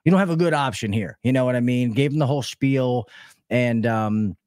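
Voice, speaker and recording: A man's voice: medium pitch, brisk, a little mellow, no room sound, studio quality. Profane, rambling man telling work stories. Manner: profane, rambling storyteller with many restarts. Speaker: HVAC technician, podcast guest. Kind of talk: casual podcast chat.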